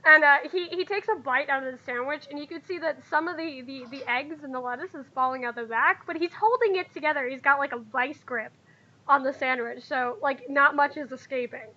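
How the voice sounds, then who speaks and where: A woman's voice: high-pitched, a little fast, bright, forceful tone. A woman narrating as game master in a tabletop game, in a chatty way with frequent laughs. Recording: dull lo-fi recording.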